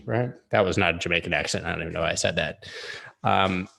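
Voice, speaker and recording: A man's voice: low voice, little pitch movement, quick pace, creaky, sharp tone. A man hosting a live-streamed chart analysis, rambling casually with jokey asides. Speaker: crypto chart analyst host.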